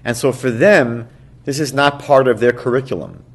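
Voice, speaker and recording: A man, a rabbi, teaching a class; he tells a story and acts out its people in raised, excited voices, with a soft laugh now and then. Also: mid-range voice, moderate pace, slightly rough. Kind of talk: storytelling lecture.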